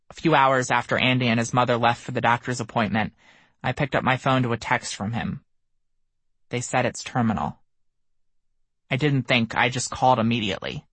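A man's voice: medium pitch, a bit bright, no echo. Somber man narrating a memoir. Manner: measured, somber, reflective. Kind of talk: audiobook narration.

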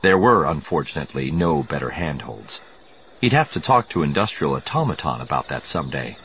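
A man narrates an audiobook in a deep voice. His reading is measured and expressive, with lively, varied pitch. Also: a little hiss or hum. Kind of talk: scripted narration.

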